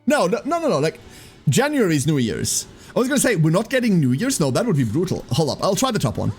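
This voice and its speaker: Animated, swearing man streaming a game. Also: high-pitched, quick pace, soft background music. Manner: animated, swears freely, laughs often. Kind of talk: casual live-stream chat.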